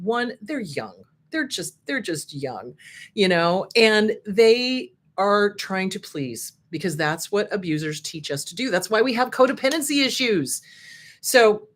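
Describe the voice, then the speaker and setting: A middle-aged woman therapist hosting a casual advice talk, frankly riffing on a list she reads out. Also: mid-range voice. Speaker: host, therapist.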